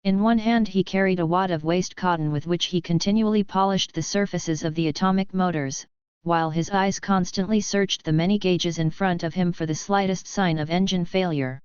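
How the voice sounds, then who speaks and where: A woman narrating an audiobook in a steady, measured reading. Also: lowish voice, clear, resonant tone, no room sound, dull audio. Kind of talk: scripted narration.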